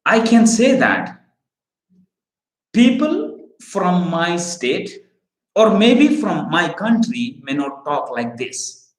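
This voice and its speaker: A man's voice: sits high, very animated, slow pace, echoey room, poor audio. A middle-aged man from Odisha, India, with an Indian English accent shaped by American speech, whose first language is Odia. He runs a live recruiting training stream, talking energetically and asking the viewers rhetorical questions. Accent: Indian English with American influence.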